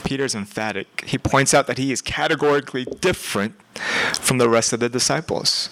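Young man, preacher, casual animated sermon, emphatic repeats, faint noise behind. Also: medium pitch, fairly quick, low-quality recording. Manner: conversational, animated, with laughs and emphatic repetition.

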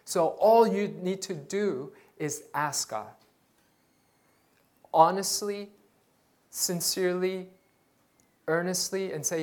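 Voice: mid-range voice, takes it slowly, long pauses. A pastor preaching a sermon, earnest and exhorting, often repeating words while searching for the next phrase.

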